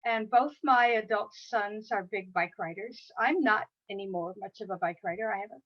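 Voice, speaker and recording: A woman's voice: mid-range voice, normal speed, a little hiss or hum. Middle-aged woman, lo-fi call audio. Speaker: author.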